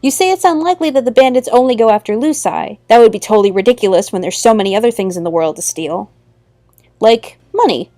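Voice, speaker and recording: A woman's voice: a little high, lively intonation, fast, mellow, no room sound. A woman hosting a let's play, reading a visual novel aloud in a playful way. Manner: playful, laughs at her own slips.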